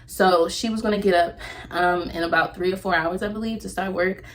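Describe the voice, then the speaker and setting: A woman's voice: fairly low pitch, fairly even intonation, fairly quick, a little hiss or hum. A young woman vlogger telling a personal story, rambling and correcting herself with lots of fillers.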